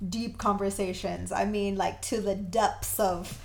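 A woman's voice: medium pitch, steady tone, unhurried, gravelly. A woman co-hosting a podcast in casual chat, gushing and laughing often. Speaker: podcast co-host.

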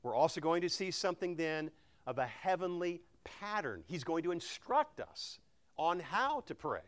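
Expressive male preacher with lively pitch. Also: normal speed. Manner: expressive preaching, repeats key phrases, varies volume for emphasis. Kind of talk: sermon.

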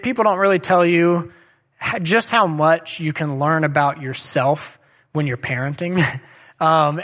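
A man in his thirties preaches a sermon in a high voice. His tone is bright and forceful. He speaks earnestly and conversationally, weaving in personal stories. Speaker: pastor.

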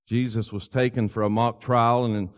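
A man's voice: mid-range voice, little pitch movement, normal speed. A male preacher delivering a sermon, retelling scripture in a conversational, storytelling way.

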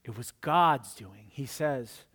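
A man preaching a conversational sermon, telling the story in an animated way with wry asides. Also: mid-range voice, takes it slowly. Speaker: pastor.

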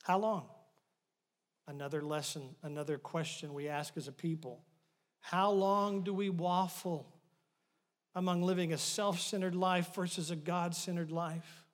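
A pastor delivers a sermon with real animation, swinging between loud bursts and hushed asides as he retells the story, though his intonation stays fairly even and his pace measured. His voice sits high for a man, and a long reverb suggests a large church hall.

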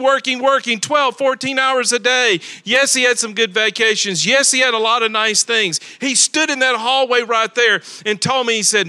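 A male pastor preaching with a high, bright and forceful voice. He talks emphatically, repeats words for weight and keeps asking his congregation rhetorical questions. It sounds like a church service. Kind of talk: sermon. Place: church sanctuary.

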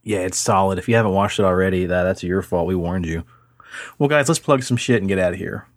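A man's voice: sits low, fast talker, dry recording, clean studio sound. A man co-hosting a casual podcast, joking around, swearing, and rambling on a video call. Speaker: podcast co-host. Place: home setup on a remote call. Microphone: computer mic on a video call.

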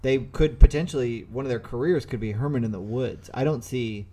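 A man's voice: medium pitch, mellow. A man co-hosting a casual podcast, chiming in with wry jokes. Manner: wry, quick jokes and interjections. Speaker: co-host.

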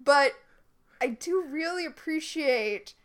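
A woman from Florida co-hosting a casual TV recap podcast, amused and animated. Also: sits high, slow pace. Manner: animated, amused, laughs often. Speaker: podcast co-host.

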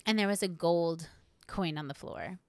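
A woman co-hosts a podcast and tells a casual, lively story with a slightly low voice. She swears freely and acts out her own past thoughts. Her voice sounds dry and close, with little room sound. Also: moderate pace, no echo. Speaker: podcast co-host.

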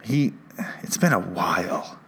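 A man's voice: deep voice, lively intonation, a little slow, fairly bright tone, slight background noise. Rambling, sarcastic man hosting a podcast. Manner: rambling, sarcastic, self-mocking. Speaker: podcast host. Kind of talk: comedic podcast monologue. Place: podcast studio. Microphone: studio mic with headphones.

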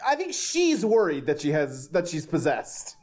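Lively man chiming in on a podcast. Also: on the high side, normal speed. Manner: short agreeing interjections, adds plot details. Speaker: podcast co-host. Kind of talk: casual chat.

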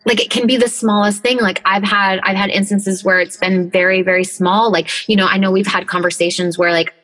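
Candid, bright-voiced woman talking casually. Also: mid-range voice, steady tone, fairly quick, rough recording. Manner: candid and emotional, heavy use of filler words, swears freely. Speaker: podcast co-host. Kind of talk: casual conversation. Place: closet.

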